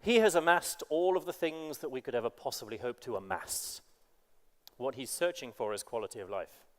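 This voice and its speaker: A man's voice: medium pitch, normal speed. A man giving a motivational keynote speech in a large conference hall, speaking emphatically and firing rhetorical questions at the crowd.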